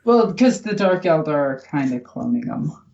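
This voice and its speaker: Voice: mid-range voice, very animated, normal speed, a little mellow. Sarcastic New Yorker on a muffled line. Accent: New York. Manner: sarcastic, mock-dramatic. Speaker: podcast host. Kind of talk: casual podcast chat.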